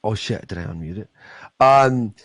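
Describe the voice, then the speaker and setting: A man hosting a livestream, ranting in a rambling, profane, excitable way. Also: on the low side, moderate pace. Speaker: livestream host. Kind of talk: casual livestream chat.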